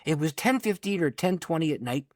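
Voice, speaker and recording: A man's voice: a little high, animated, brisk, no echo, clean studio sound. A middle-aged man, a pastor, telling a personal story in conversation, acting out the voices in his quotes. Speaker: pastor and author, podcast guest.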